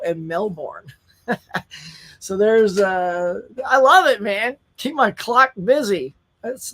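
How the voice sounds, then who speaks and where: A man's voice: high voice, a bit bright. A man, hosting a live stream in casual, upbeat chat and reading viewer comments aloud. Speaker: livestream host.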